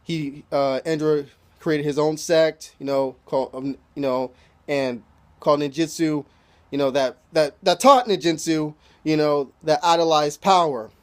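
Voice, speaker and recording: A man's voice: fairly high pitch, fairly even intonation, measured pace. A man casually recapping an anime episode, loose and profane, packing his talk with "you know" fillers. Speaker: anime reviewer.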